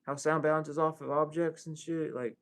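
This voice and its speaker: A man gives a casual spiritual reading that is profane and streetwise, packed with rhetorical questions. His tone is level and his speed normal, though he swings from low muttering to high exclamations.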